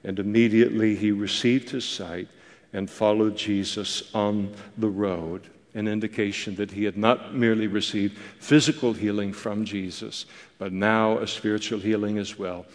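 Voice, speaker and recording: A man teaching a Bible passage in a conversational, animated way, often pausing on fillers and restarting his phrases. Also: on the low side, in a large hall.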